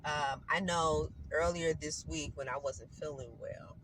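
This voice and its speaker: A woman's voice: sits low, fairly even intonation, a little slow, fairly bright tone. Congested woman chatting over vehicle noise. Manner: rambling, chatty, self-correcting. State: congested with a cold. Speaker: vlogger. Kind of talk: casual chat to camera. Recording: noisy vehicle background.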